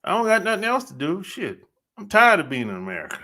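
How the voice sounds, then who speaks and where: A man's voice: high voice, wildly swooping pitch, measured pace, long pauses, bright, forceful tone. A man hosting a podcast livestream, talking in a laid-back, slangy way and laughing often. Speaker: podcast host. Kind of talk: casual livestream chat.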